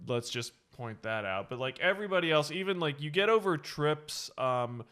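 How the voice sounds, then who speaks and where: A man's voice: on the high side, expressive, normal speed, fairly bright tone, clean tone. A man co-hosting a podcast in casual chat, rambling and restarting his sentences, laughing often. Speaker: podcast co-host.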